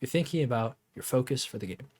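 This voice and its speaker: A man's voice: medium pitch, lively intonation, fast talker, darkish tone, breathy edge. A man coaching in a casual talk over gameplay footage, laid-back, chuckling often and swearing now and then. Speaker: game coach.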